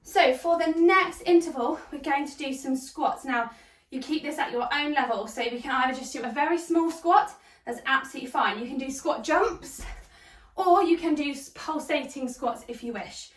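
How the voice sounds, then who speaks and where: A woman's voice: high-pitched, normal speed, echoey room, far from the mic. A woman leading a hoop workout, out of breath, cheering people on and counting down the reps. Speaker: fitness instructor. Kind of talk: workout instruction.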